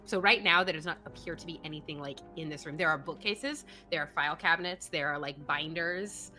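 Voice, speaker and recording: Bright-voiced woman running a tabletop game. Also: low-pitched, a little fast, soft background music. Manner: casual, descriptive, frequent fillers. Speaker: game master.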